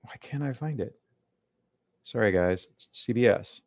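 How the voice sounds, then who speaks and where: A man's voice: medium pitch, animated, a little slow, no echo. A man hosting a live stream from his living room, grumbling with irritation as he talks to himself and his viewers. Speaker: livestream host. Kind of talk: live-stream reaction chat.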